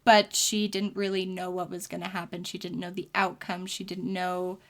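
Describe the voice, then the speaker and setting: A woman's voice: lowish voice, flat delivery, normal speed. A woman co-hosting a podcast in casual chat, earnest and thinking aloud. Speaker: podcast co-host.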